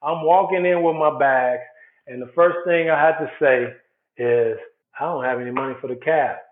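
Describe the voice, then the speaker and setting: A man's voice: a little high, moderate pace. Storytelling man from Chicago on a tinny line. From South Side of Chicago. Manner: animated storyteller, acts out quotes. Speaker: former baseball player, guest. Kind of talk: storytelling interview answers. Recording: echoey, phone-like sound.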